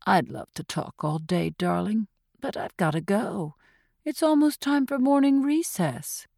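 A woman reader voicing a seductive murderous woman who speaks in a slow, sweet, breathy purr. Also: medium pitch, animated, dark tone, no room sound, studio quality.

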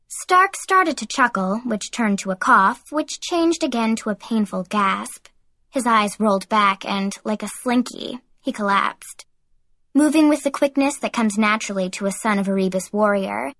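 A woman narrating a first-person audiobook in an expressive reading voice. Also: medium pitch, a little slow, dry recording.

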